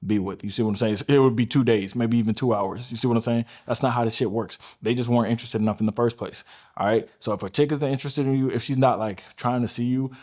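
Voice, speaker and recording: A man's voice: medium pitch, fairly even intonation, fast, a little mellow. A man giving blunt, profane dating advice to the camera, often tagging his points with "all right?" and "right?". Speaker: dating coach.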